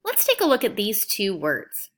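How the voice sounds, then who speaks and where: A woman teacher leading a phonics lesson for young children, sounding out words slowly in an encouraging, sing-song way. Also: medium pitch, wildly swooping pitch. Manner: slow, stretched-out sounding of words.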